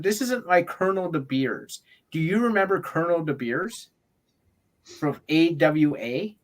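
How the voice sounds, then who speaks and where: A man co-hosting a casual chat, blunt and opinionated, with quick asides and stammered restarts. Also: high-pitched, a bit bright. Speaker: co-host.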